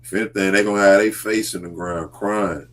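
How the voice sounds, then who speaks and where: A man hosting a casual talk show about faith, speaking earnestly and deliberately. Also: lowish voice, steady tone, a bit bright. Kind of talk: casual religious discussion.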